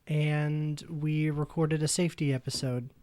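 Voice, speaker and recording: Higher-voiced hesitant podcast host. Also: male voice, flat delivery, a little slow, dark tone, clean tone. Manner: hesitant, filler-heavy explainer. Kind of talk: casual chat. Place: home basement studio.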